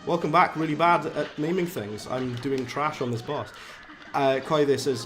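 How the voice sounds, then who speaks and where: A man from South Wales with a Valleys accent, chatting casually on a live game stream, self-mocking and jumping up in pitch when frustrated. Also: normal speed. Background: game music.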